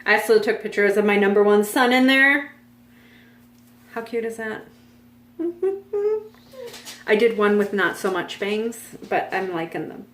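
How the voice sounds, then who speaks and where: A woman's voice: mid-range voice, unhurried, pauses often, a bit bright. Chatty woman in an echoey room. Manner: chatty and rambling, with frequent fillers. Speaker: vlog host. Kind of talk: casual chat. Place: home on a farm.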